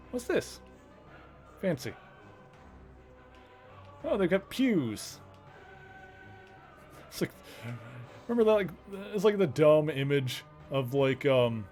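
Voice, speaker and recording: A man streams a video game and chats along in a loose, joking way, full of fillers and asides. His pitch sits mid-range. Faint game music plays behind him. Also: darkish tone. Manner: chatty and joking, with filler words. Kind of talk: casual let's play commentary.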